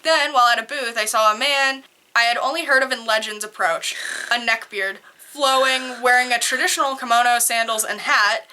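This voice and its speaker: A young adult woman cosplayer reading posts aloud and reacting in an animated, blunt way, swearing casually. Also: fairly high pitch, normal speed.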